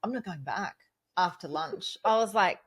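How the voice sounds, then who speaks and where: Woman in her 30s telling a raw personal story, lowish voice, swears a lot, acts out what people said. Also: normal speed, husky. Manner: candid, animated retelling with acted-out quotes and frequent swearing. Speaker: podcast guest.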